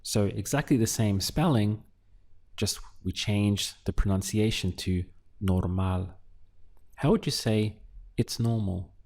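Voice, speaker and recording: Slow, calm man teaching a language lesson. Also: lowish voice. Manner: calm, patient, pauses for listener to answer.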